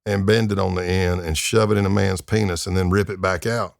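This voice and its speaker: A man's voice: sits low, fairly even intonation, fairly quick, gravelly, no echo, clean studio sound. A man quoting a middle-aged woman who is a meth user, casually and matter-of-factly describing torture she enjoys. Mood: gleeful. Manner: casual, matter-of-fact about gruesome acts.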